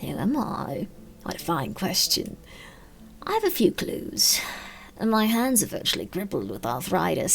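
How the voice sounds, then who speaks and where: A woman voicing an ancient, decaying old shopkeeper woman with a put-on British accent, speaking low and half-whispered. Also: gravelly. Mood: musing.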